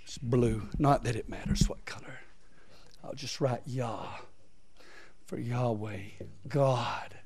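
A man's voice: medium pitch, steady tone, slow, long pauses, a little mellow, slight background noise. A man preaching a sermon, repeating phrases and rising into emphatic, near-sung lines.

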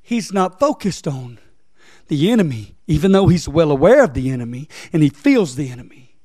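A man's voice: on the high side, very animated, normal speed, dark tone, no echo, studio quality. A man preaching a sermon, repeating phrases and rising into emphatic, near-sung lines.

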